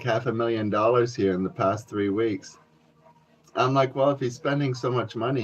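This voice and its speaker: A man from Canada rambling casually and profanely to his viewers, calling them folks, with plenty of fillers. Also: fairly low pitch. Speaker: vlogger. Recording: dull lo-fi sound.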